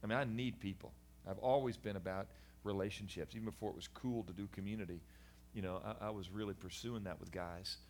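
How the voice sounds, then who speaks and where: A middle-aged man, a guest in a conversation, giving a candid personal testimony about his past in an animated, earnest way with frequent restarts. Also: on the low side, fairly quick, a little hiss or hum. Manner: animated storyteller, acts out voices of people in his story. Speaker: guest sharing his life story.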